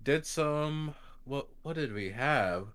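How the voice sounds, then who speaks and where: A man chatting casually on a podcast, telling stories in a relaxed, rambling way with plenty of fillers. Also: mid-range voice, takes it slowly, crowd noise. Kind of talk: casual chat.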